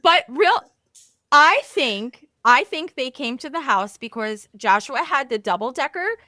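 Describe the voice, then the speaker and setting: A woman co-hosting a podcast in casual chat, expressive and quick to laugh, filling her talk with "like" and "right". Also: high voice, dry recording. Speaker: podcast co-host.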